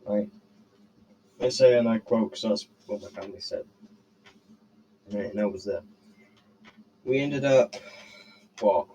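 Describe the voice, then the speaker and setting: A man's voice: on the low side, slow, long pauses, warm tone, highs cut off. A teenage boy telling a rambling, profane story on a casual podcast, tagging his sentences with "right?". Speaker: podcast co-host.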